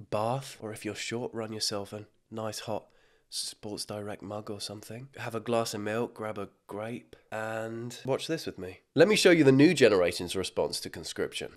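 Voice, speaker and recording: Husky British male host, sick and a bit short of breath, low voice, crude sarcastic delivery. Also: normal speed. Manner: crude, sarcastic, swears freely. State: ill, slightly out of breath. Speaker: commentary host. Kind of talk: comedic reaction commentary.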